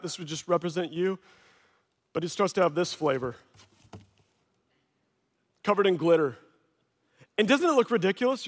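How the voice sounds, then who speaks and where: A male pastor preaching a sermon in a church, in a passionate, conversational way with lots of casual fillers. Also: high voice. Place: church sanctuary. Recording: reverberant hall sound.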